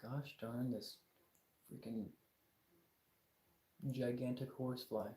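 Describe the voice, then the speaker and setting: A man's voice: medium pitch, little pitch movement, slow pace, mellow, echoey room. A man hosting a casual livestream, talking in an emphatic, exasperated rant with lots of repetition. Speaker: livestream host.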